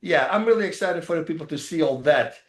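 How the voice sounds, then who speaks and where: A man telling lively, rambling anecdotes as an interview guest, acting out other people's lines and laughing often. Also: a little high, fast. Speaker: actor and former fighter, interview guest. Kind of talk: casual interview storytelling. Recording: roomy echoey sound.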